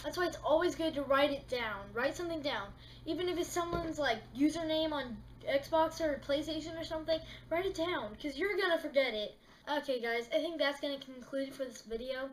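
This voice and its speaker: High-voiced woman vlogger, animated. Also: brisk, a little hiss or hum, rough recording. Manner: animated, acts out little scenes, exasperated rants. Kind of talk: casual comedic monologue.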